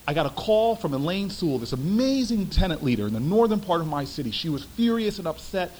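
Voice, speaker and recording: A young man, a former city councilman, giving a storytelling speech with emphatic, animated delivery. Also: a little high, fast talker, hardly any pauses, slight background noise, low-quality recording.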